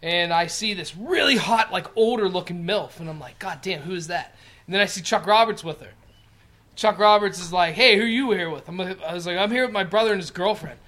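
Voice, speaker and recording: A man in his thirties co-hosts a podcast, and his high voice has a brisk, sharp tone. In casual chat he tells rambling, profane stories and acts out the quotes.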